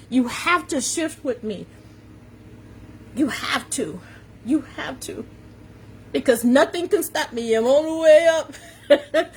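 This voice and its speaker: A woman hosts a motivational live stream with a slight New York accent. She talks slowly and emphatically in a somewhat high voice, repeating phrases like a preacher and calling out viewers by name. Faint background noise runs under her voice. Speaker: confidence coach hosting a live stream. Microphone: phone or webcam on a social media live video.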